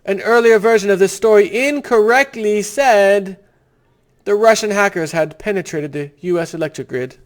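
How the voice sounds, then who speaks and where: A man's voice: high voice, moderate pace, pitched above the performer's own voice, lightly acted. A man voicing an overeager male underling who toadies to a governor in mock-deferential, sarcastic tones. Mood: sneeringly servile.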